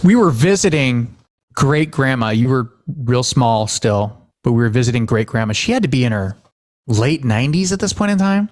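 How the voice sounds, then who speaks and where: A man's voice: mid-range voice, moderate pace. A man co-hosting a podcast, telling family stories in a casual chat and laughing often. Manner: animated storytelling, laughs often. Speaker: podcast co-host.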